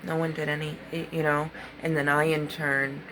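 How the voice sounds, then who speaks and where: A woman's voice: low-pitched, flat delivery, normal speed, noisy background. A middle-aged woman speaking to her viewers about recovery, earnest and intense, often restarting her sentences. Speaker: recovery vlogger. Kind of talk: emotional personal talk to viewers.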